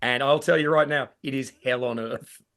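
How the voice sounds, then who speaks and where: A man, a comedian guest on a podcast, ranting in an animated, exasperated way over a video call. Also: medium pitch, moderate pace, gravelly.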